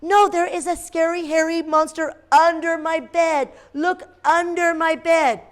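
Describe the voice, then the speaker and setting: A woman's voice: extremely high pitch, fairly even intonation, a little slow, voice pushed up. A woman voicing a frightened little boy at bedtime, pleading urgently and stammering. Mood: scared, pleading.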